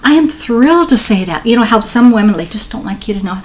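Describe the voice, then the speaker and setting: A woman's voice: a little high, lively intonation, fast talker, a little hiss or hum. A woman, a podcast guest telling her story in a rambling, heartfelt way. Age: 60s. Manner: warm, emotional, rambling storyteller. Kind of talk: conversational interview.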